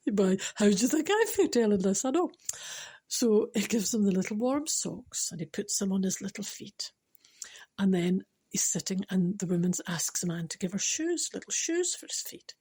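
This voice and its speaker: A woman's voice: mid-range voice, sing-song, moderate pace, warm tone, husky. A woman with a Scottish accent telling a moving story and giving a spiritual talk, chatty and emotional, laughing often.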